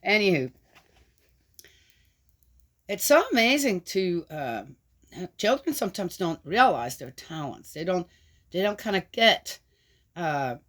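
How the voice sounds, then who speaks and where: An older woman, a grandmother, hosting a chat that rambles with many fillers and then reading the Psalms aloud at a steady pace. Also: fairly low pitch. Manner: steady, measured reading of scripture. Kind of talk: casual chat and scripture reading.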